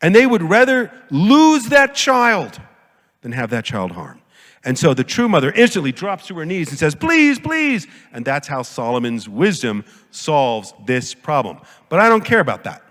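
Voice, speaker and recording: A man giving a conference lecture as a professor, lively and jokey, often acting out quoted voices. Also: moderate pace. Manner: animated, jokey, acts out quotes with big pitch jumps. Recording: long hall reverb.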